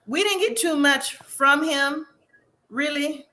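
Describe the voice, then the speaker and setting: Woman co-host, casual live review chat; high, bright, animated and quick to laugh. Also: slight background noise. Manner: animated, laughs often, asks rhetorical questions. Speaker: podcast co-host.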